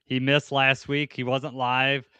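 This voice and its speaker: A man's voice: mid-range voice, monotone, slow pace, sharp tone, clear, resonant tone, dry recording. Upbeat man co-hosting a podcast. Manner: rambling, laughs easily, greets chat viewers. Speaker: podcast co-host. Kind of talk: casual live-stream chat.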